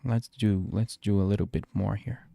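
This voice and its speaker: A man with a low, mellow voice chats his way through a live game stream. He rambles and restarts his sentences as he thinks aloud. The sound is dry and close, with no room around it. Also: fairly even intonation, moderate pace, vocal fry, no echo. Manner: rambling, self-talking, restarts often. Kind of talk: live gameplay commentary. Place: home.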